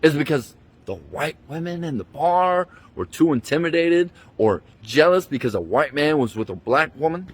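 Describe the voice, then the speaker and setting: A man's voice: a little high, sing-song, normal speed, few pauses, breathy edge. A man angrily retelling a bad experience in a profane, indignant rant, talking into a handheld phone he keeps switching between hands. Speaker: vlogger. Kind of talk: angry storytime rant.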